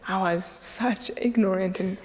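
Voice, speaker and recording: A middle-aged woman from Rwanda with a Rwandan accent, giving a personal testimony talk in an earnest, slow, reflective way with halting restarts. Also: mid-range voice, darkish tone. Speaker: guest speaker. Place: large lecture hall. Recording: long hall reverb.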